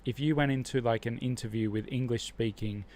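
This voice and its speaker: A man's voice: medium pitch, fairly quick, darkish tone, slight background noise. An Australian man hosting a casual livestream, thinking aloud as he reviews Spanish flashcards. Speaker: livestream host learning Spanish.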